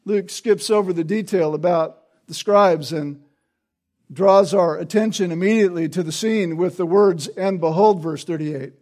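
A man's voice: high voice, moderate pace, a little mellow. A man preaching an expository sermon, explaining the text and often checking in with the listeners through tag questions.

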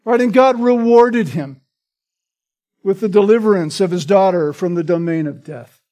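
High-voiced guy preaching a sermon, earnest, keeps asking "right?". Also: normal speed, mellow. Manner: earnest, emphatic, tag questions like "right?". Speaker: pastor.

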